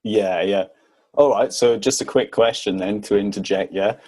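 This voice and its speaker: A man's voice: fairly low pitch, moderate pace, a little mellow, husky. A British man from the UK hosting a fitness podcast in a casual, chatty way, with lots of fillers. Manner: chatty, laid-back, with many fillers. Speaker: podcast host.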